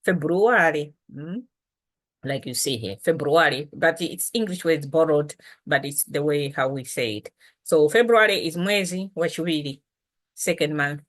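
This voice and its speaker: A woman gives a language lesson, speaking very slowly and patiently. Her voice sits a little low, and she repeats each word with care. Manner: patient, explains slowly with repetition. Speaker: language teacher.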